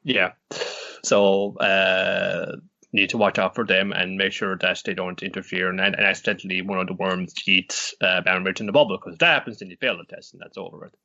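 A man co-hosting a casual recap chat, talking in a halting way with frequent pauses and restarts. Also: low voice, fairly even intonation, vocal fry, bright, forceful tone, highs cut off. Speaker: podcast co-host.

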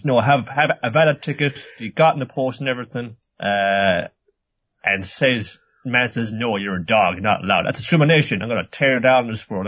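A man's voice: mid-range voice, no echo. A man chats on a podcast with a joking, mock-serious streak, often restarting his sentences. His voice sits mid-range, and the recording is dry and slightly dull, a little lo-fi. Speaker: podcast co-host. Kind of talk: casual anime review chat.

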